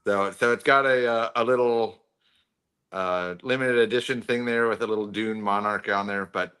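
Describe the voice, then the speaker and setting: An older man chats on a show in a bright, clear tone. He jokes in a laid-back way and rambles with restarts. The chat is casual. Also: on the low side, steady tone, moderate pace. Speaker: show regular.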